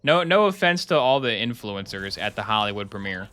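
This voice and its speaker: A man's voice: on the low side, big pitch swings, a little fast, fairly bright tone, clear, resonant tone. A young man streaming a game live, chatting casually and joking with his chat while he plays. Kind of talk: live gameplay commentary.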